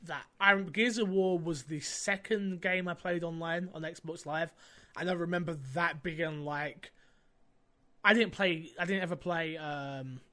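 In an unhurried voice on the high side, a man hosting a podcast tells animated stories during casual chat, leaning heavily on fillers.

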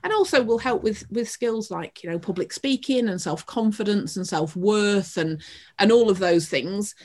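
A woman's voice: mid-range voice, lively intonation, moderate pace, darkish tone. A woman with a Northern English accent speaks as a podcast guest about her theatre work. She talks earnestly and passionately, circling back and restarting phrases as her thoughts run on. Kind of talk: podcast interview answers.

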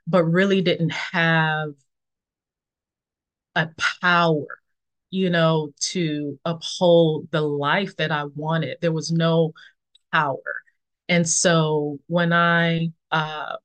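A woman in her forties sharing a personal faith testimony in conversation, reflective and unhurried, pausing often with fillers. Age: 40s. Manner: reflective, acts out quoted friends with lively high voices. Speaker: podcast guest.

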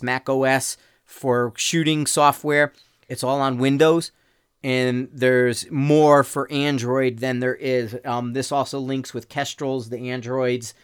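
A man's voice: mid-range voice, smooth, no room sound, studio quality. A man hosting a casual solo podcast, rambling and joking with lots of stammered restarts. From Denver area, USA. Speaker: podcast host. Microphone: podcast mic.

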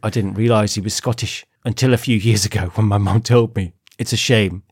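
A man's voice: fairly low pitch, fairly even intonation, a little fast, slightly rough, no echo, studio quality. A man reading out the quotes of a fearful English woman in her thirties, putting on an English accent. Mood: mock fearful. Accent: put-on English. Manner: reading quotes aloud in a mock voice.

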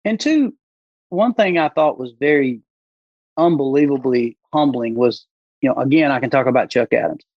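A man's voice: mid-range voice, moderate pace, no echo, lo-fi sound. A man talking as a podcast guest, telling stories animatedly and acting out the voices of people he quotes. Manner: animated storyteller who acts out quoted voices. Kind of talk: casual podcast conversation.

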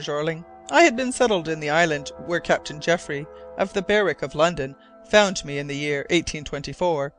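A man's voice: a little high, a bit bright, close to an everyday voice. A man voicing a vain, chatty older male island governor who was once a corporal. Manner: chatty, boastful, eager to reminisce.

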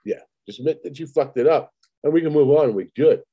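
A man's voice: a little high, fast talker, slightly rough, highs cut off. A man in casual chat, blunt and profane, speaking matter-of-factly. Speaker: podcast co-host.

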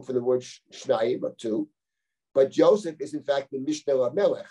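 A male rabbi teaching a live Bible class, reading verses slowly and then explaining them step by step. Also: medium pitch, dark tone, slightly rough, far from the mic, low-quality recording. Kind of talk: live lecture, close textual reading.

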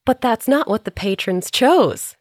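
A woman's voice: on the high side, expressive, unhurried, a little mellow, breathy edge, no echo, clean studio sound. Chatty woman on a podcast. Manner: chatty, rambling storytelling. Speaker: podcast player. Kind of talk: casual chat.

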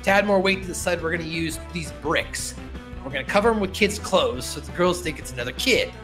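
A man's voice: a little high, fairly quick, over music, natural voice. A man voicing an eager cartoon schoolboy laying out a plan.

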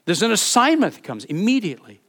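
A man preaches a sermon in a notably high voice, pressing each point with animated emphasis. He stumbles over repeated words as he builds momentum. Now and then he calls on the congregation to repeat a phrase back to him. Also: quick pace. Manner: leads congregation call-and-response. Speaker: pastor.

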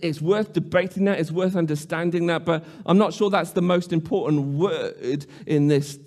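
A man's voice: fairly high pitch, moderate pace, darkish tone. Earnest man preaching a sermon. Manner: earnest, reflective, with frequent restarts and rhetorical questions.

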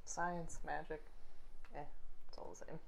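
Dry, low-voiced woman player. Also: level tone, measured pace, creaky, rough recording. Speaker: player voicing the captain. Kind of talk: tabletop role-play chat.

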